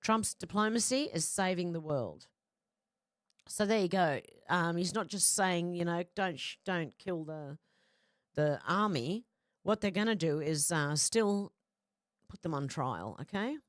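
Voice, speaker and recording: A woman's voice: on the low side, lively intonation, unhurried, no room sound, clean studio sound. A blunt, chatty woman hosting a livestream, reading out viewer comments and swearing freely. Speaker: host.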